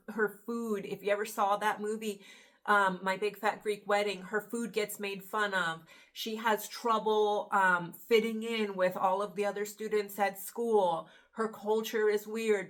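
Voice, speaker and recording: A woman in her forties from the United States, chatting to camera in a casual vlog, animated and slangy. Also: medium pitch. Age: 40s. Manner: animated, chatty, slangy with frequent "yo" and "you know". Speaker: vlogger, actress.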